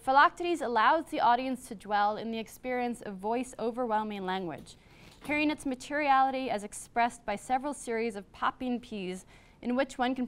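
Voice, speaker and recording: A woman professor giving a public lecture on classics, partly read from a script, measured, with brief asides. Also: a little high, clean tone. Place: lecture hall.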